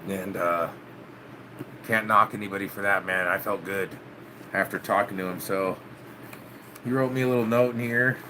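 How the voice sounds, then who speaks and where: A man's voice: low voice, steady tone, normal speed, long pauses, background noise. A man hosting his own channel, chatting casually with viewers, loose and laid-back, dropping "man" and swearing often. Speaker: channel host. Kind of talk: casual vlog chat with live viewers.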